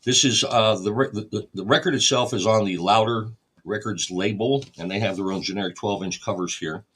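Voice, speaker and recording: Husky man cataloging records on a livestream. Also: lowish voice, fairly quick. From United States. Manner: relaxed, explains each step while working. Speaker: record store livestream host. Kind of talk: casual livestream narration.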